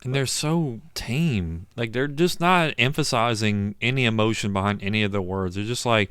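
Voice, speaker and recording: Wry podcast man, smooth voice. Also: fairly low pitch, normal speed, few pauses, fairly bright tone, no room sound, studio quality. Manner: wry, quotes lines in mock voices. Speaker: podcast co-host. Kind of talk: casual movie chat.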